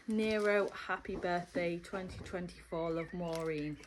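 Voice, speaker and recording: A woman's voice: on the low side, fairly even intonation, measured pace, a little hiss or hum, rough recording. A woman vlogging from her stable, talking fondly and teasingly to her horses and viewers. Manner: fond, teasing, mock-stern talk to horses. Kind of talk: casual vlog chat to horses and viewers.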